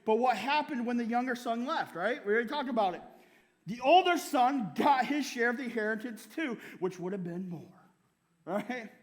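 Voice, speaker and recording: A man preaching in church with a strikingly high voice, talking to the congregation like a friend. He keeps checking in with "right?" and slips laughs into his sentences. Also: expressive, moderate pace, long reverb tail. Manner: conversational preaching, tags many lines with "right?"; laughs often while speaking. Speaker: pastor. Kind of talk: sermon.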